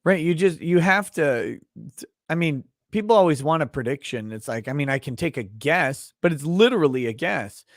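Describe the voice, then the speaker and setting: A man hosting a livestream, chatting casually with a guest and reading viewer comments aloud with many halting restarts. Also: a little high, animated, no room sound, clean studio sound. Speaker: livestream host.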